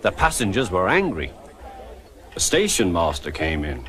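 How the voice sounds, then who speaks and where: A man narrating a children's storybook in a gentle, clear storytelling manner. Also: low-pitched, huge pitch swings, normal speed, slight background noise. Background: background music.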